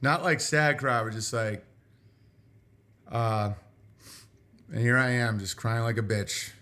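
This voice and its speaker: A man talking on a livestream, rambling and halting as he reads out viewer letters. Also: mid-range voice, steady tone, sharp tone. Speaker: streamer reading viewer letters. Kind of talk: livestream monologue.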